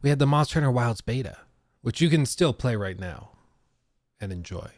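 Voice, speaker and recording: A man hosting a live stream, chatting casually about gaming news with relaxed fillers and wry asides. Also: medium pitch, moderate pace, no room sound, clean studio sound.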